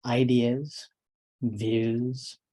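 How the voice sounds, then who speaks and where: A male meditation teacher giving a calm dharma talk. His voice is soft and mellow, and he speaks slowly, in short phrases broken by pauses. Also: medium pitch, rough recording.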